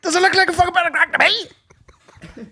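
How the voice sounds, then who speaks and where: A man voicing a rowdy drunk man in a dog gimp suit, shouting and laughing as he rants. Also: extremely high pitch, normal speed, voice pushed up, heavily acted. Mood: whiny, ranting.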